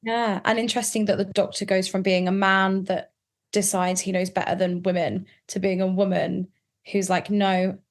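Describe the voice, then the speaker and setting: A woman guesting on a podcast, talking casually and excitedly, with lots of filler words. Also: medium pitch, moderate pace. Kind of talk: casual chat.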